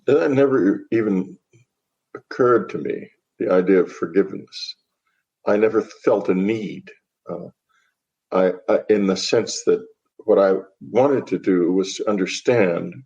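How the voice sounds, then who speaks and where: Low-voiced older man, wry and reflective. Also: darkish tone, muffled recording. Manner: reflective, wry, pauses and restarts. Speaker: guest author. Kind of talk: podcast interview.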